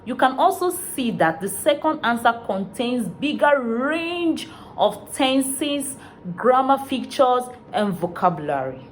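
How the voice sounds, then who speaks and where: A woman giving a video lesson as a tutor, explaining in a slow, deliberate teaching manner. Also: sits high, big pitch swings, a little hiss or hum. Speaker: IELTS tutor.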